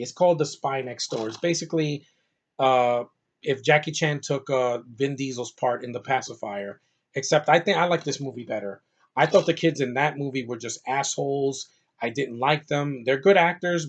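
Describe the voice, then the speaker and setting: A man at a middle pitch reviews a film in an easygoing, unscripted way. He rambles with plenty of "uh" and "you know", gushing with enthusiasm while sounding a bit worn out. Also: highs cut off. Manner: enthusiastic, rambling, many fillers. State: tired. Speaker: movie reviewer. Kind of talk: casual movie review vlog.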